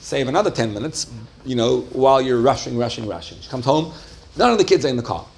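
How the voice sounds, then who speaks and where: Male Torah teacher who keeps quizzing his listeners, mid-pitched voice. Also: expressive, fast, gravelly, a little hiss or hum. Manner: keeps asking the group questions and checking they follow. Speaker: religious teacher. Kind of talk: Torah class lecture to a live group.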